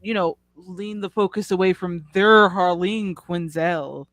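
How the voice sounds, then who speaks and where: A man's voice: sits high, a little slow, a bit bright, no echo. A man in casual pop culture chat, talking in a breezy, offhand way. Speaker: podcast co-host.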